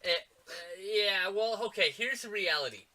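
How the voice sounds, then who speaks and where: Guy on a movie podcast, kinda high bright voice, swears a ton, lots of "like". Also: moderate pace. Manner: animated, swears often, many fillers. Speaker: podcast co-host. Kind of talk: casual movie-review chat.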